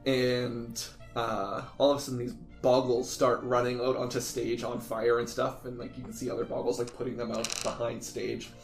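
A man's voice: mid-range voice, little pitch movement, moderate pace, gravelly, few pauses. A man narrating a tabletop game as game master, describing scenes in a loose, rambling way full of fillers. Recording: roomy echo with faint music.

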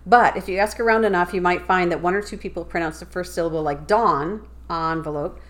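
A woman's voice: on the low side, fast talker. Upbeat woman leading a casual chat. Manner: upbeat, leads the word list, explains.

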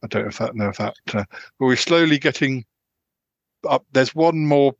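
A man hosting a casual podcast chat, talking haltingly with many restarts and fillers. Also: mid-range voice, no echo. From United Kingdom. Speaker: podcast host. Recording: dull, lo-fi sound.

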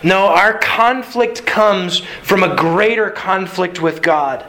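A man preaching a sermon in a conversational, animated way, acting out quoted lines. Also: high-pitched, slow, poor audio. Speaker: pastor.

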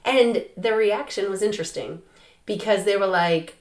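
A woman with a hoarse, raspy voice from losing it, hosting a podcast in a chatty way with frequent laughs and fillers. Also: mid-range voice, moderate pace. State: hoarse, lost voice. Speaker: podcast host and coach. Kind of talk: casual podcast monologue. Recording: roomy echo.

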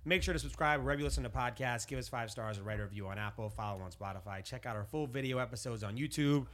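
Upbeat fast-talking bright-voiced male host. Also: medium pitch. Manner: upbeat, hyped, repeats phrases for emphasis. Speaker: podcast host. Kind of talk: casual podcast chat. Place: podcast studio.

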